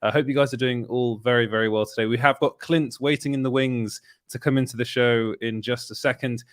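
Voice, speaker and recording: A man's voice: mid-range voice, steady tone, a little fast, dry recording, clean studio sound. A man hosting a casual live stream, upbeat and chatty, greeting viewers in the chat. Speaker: host.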